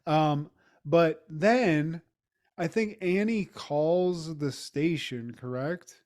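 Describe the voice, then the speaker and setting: A man's voice: fairly high pitch, drawn-out words, a little mellow. A man co-hosting a podcast, recapping an episode in a loose, profane, rambling way with lots of fillers. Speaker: podcast co-host. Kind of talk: casual recap chat.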